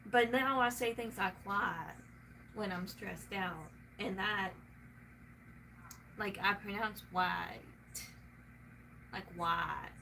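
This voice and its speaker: A woman's voice: mid-range voice, steady tone, slow pace, creaky, long pauses, pushed and bright. Rambling, swearing woman with a Southern twang. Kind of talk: casual chat. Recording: noisy room, mic at a distance.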